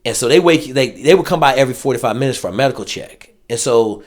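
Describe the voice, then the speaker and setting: A man's voice: mid-range voice, fast talker. A man, a former Navy SEAL, telling stories casually and profanely, often acting out what others said. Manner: profane, animated, acts out quoted dialogue. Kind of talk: casual storytelling.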